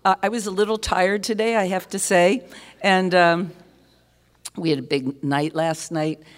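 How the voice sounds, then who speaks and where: A woman singer talking to a concert audience between songs, in rambling, halting stage banter full of ums. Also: lowish voice, steady tone.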